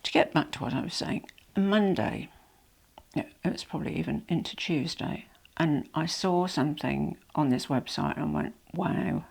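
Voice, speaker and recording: A woman's voice: sits low, moderate pace, vocal fry, darkish tone, breathy edge. A woman with a cold and a nasal voice, a bit out of breath, chatting and rambling apologetically to camera at home. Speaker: vlogger. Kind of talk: casual unboxing chat. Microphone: small microphone.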